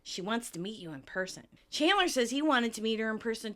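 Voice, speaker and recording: A woman's voice: fairly high pitch, animated, brisk, fairly bright tone. A young adult woman co-hosting a casual rewatch podcast, recapping scenes with lots of giggling and acted-out lines. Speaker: podcast co-host.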